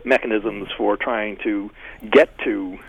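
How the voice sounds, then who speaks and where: A man giving thoughtful, animated interview answers as a guest, talking in a discursive and emphatic way. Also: on the low side, takes it slowly. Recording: tinny phone line.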